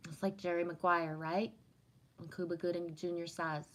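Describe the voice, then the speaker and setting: A woman's voice: lowish voice, level tone, normal speed. A woman chats casually on a livestream, reading viewer comments aloud and answering each one. Her tone is affirming and reflective, and she often checks in with a "right?" while she talks about spiritual ideas. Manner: warm, affirming, spiritual musing with frequent "right?". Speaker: livestream host answering chat.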